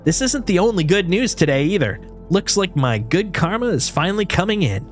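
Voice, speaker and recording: A brash former mercenary, now a woman ship mechanic, bursts with blunt, cussing excitement, as a man puts her on. The voice rides well above his own and swings widely in pitch. Faint music plays behind her. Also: fairly quick. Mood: brisk. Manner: loud, swearing, blunt.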